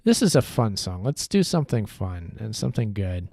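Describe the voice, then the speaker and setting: A man's voice: on the low side, moderate pace, creaky, dry recording, studio quality. Rambling man hosting a livestream. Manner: rambling, relaxed, many fillers. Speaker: podcast host. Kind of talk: casual livestream chat.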